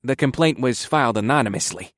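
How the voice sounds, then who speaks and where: A man's voice: fairly high pitch, lively intonation, fairly quick, no echo, voice pushed up, lightly acted. A man voicing a nervous, apologetic male health inspector who stammers when flustered.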